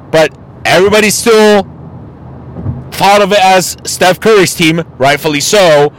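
Podcast host, male, high voice, blunt and profane opinion monologue. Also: measured pace, poor audio.

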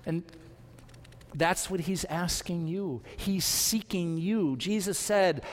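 A pastor delivers his sermon in a high, lifted voice, leaning hard on key words with deliberate pauses. He takes his time over each phrase. The sound rings out with a long reverb from the hall. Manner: earnest, emphatic preaching with deliberate pauses.

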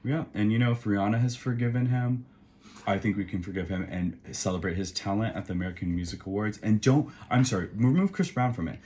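Deep-voiced man rambling on a podcast. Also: fast. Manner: rambling, filler-heavy, excitable. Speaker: podcast co-host. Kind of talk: casual chat.

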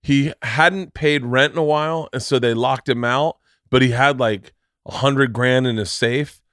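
A man hosts a casual podcast, spinning comedic stories full of swearing. He acts out the voices of the people in them with animated energy. The sound is dry and close to the mic, at a middle pitch. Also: unhurried, no room sound. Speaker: podcast host.

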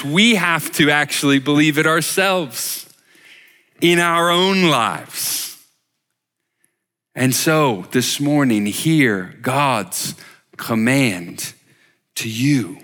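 A man delivers a sermon in an unhurried, deliberate cadence, pressing each line with rhetorical questions. His voice is bright and fairly high for a man. It rings out with a long hall reverb, as in a church sanctuary. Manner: slow, emphatic preaching with rhetorical questions. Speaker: worship leader giving a short sermon.

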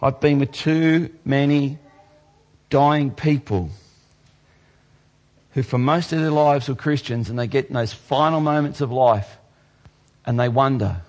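A male pastor preaching a sermon, dropping low and slow for scripture and jumping higher for playful mock voices. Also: a little mellow.

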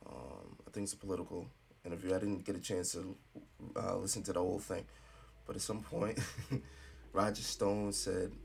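A man's voice: sits low, normal speed, gravelly, a little mellow, slight background noise. A man hosting a casual podcast, talking through celebrity news in a rambling, slangy way with many fillers and restarts. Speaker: podcast host.

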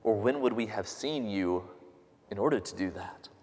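A man's voice: lowish voice, normal speed, a little mellow, long reverb tail. A man preaching a sermon, earnest and questioning, lifting his voice when he quotes others. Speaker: pastor.

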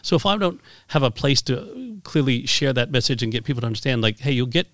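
Brief: Canadian man, mid-pitch, passionate, rambling podcast guest, dry close sound. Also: animated, a little fast, a bit bright, dry recording. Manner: enthusiastic, rambling with restarts. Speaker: guest, keynote speaker. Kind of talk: podcast interview.

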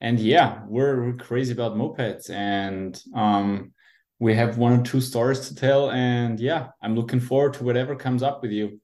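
A man in his 30s from Austria, president of a moped club, is a guest on a casual podcast interview. His medium-pitched voice is a little mellow and moderately paced, and he talks in a hesitant, easygoing way with many fillers and restarts.

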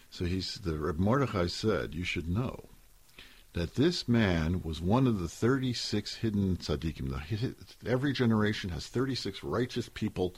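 Husky, lively-voiced man telling a story. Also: lowish voice. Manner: casual, conversational storytelling with slang asides. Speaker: radio show host. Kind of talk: storytelling on a radio talk show.

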